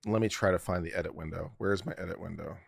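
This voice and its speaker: A man's voice: sits low, fast talker, gravelly, husky. A man streaming legal commentary, explaining jury charges and critiquing his own speaking habits in a casual, self-critical way. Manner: self-critical, explanatory, talks through his edits aloud.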